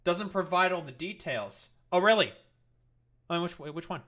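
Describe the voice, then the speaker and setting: A man's voice: on the high side, normal speed, sharp tone. A man streaming live and commenting in a heated, profane and sarcastic rant.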